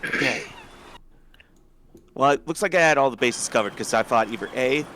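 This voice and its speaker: A man's voice: medium pitch, animated, normal speed, pushed and bright, slight background noise. A man playing a tabletop game, joking in slangy speech. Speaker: player.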